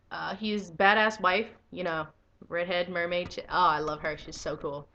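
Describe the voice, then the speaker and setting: A young woman giving a casual video review of a comic book, excitable and swearing freely, breaking into enthusiastic squeals. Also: lowish voice, normal speed.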